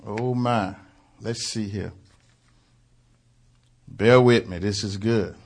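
A man preaching a sermon, dramatizing the story with loud surges and quiet asides, with frequent halting fillers. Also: medium pitch. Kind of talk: fervent sermon.

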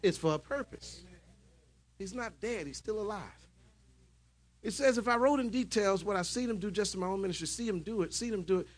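A man preaching a sermon in church, shouting at his peaks and dropping into calmer storytelling. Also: high-pitched, brisk.

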